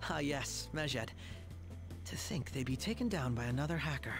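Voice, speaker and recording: A man playing a courteous young male ace detective from a video game, speaking in a smooth, measured and polite way, at an ordinary middle pitch. Faint game music plays behind him. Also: lively intonation.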